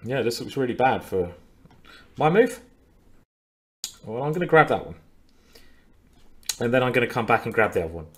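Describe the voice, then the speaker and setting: Guy chatting through a chess stream, playful, repeats himself a lot, mid pitch. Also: very animated, moderate pace, pauses often, a bit bright. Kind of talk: casual live-stream commentary.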